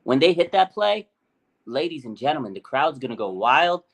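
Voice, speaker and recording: A man co-hosting a sports talk show, chatting excitedly and acting out quotes with big swings in his voice. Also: medium pitch, normal speed, creaky. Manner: animated, hyped, acts out quotes. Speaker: podcast co-host. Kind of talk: excited casual sports chat.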